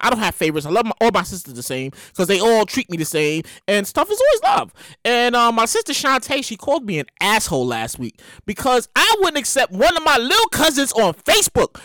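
A woman in her thirties with a New York accent, hosting a comedic podcast monologue from home, animated and excitable, repeating herself and breaking into shouts. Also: fairly high pitch, dry recording, clean studio sound. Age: 30s. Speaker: podcast host. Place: home, seated in a chair. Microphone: podcast microphone.

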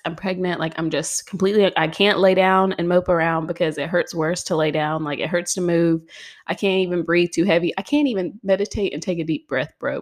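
A young woman hosting a podcast, talking casually in a chatty, exasperated way with lots of filler words. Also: lowish voice. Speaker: podcast host. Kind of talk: casual solo podcast monologue.

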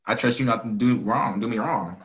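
A man talking casually in a group discussion, relaxed and slangy. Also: medium pitch, a little fast. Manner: relaxed, slangy, loose phrasing.

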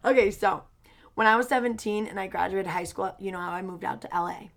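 Speaking briskly in a medium pitch with vocal fry, a woman in her twenties swaps stories on a podcast she co-hosts. Her casual chatter is full of "like" fillers.

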